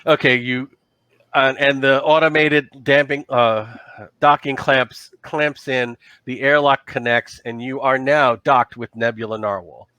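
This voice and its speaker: Bright-voiced male game master. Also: medium pitch, fairly even intonation, unhurried, clean tone, no room sound. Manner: loose, rambling, self-correcting narration. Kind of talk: narrating a tabletop role-playing game.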